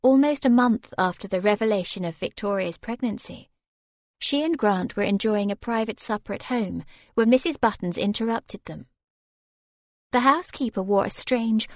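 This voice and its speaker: A woman narrating an audiobook in a measured, expressive manner. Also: medium pitch, no room sound. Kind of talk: scripted narration.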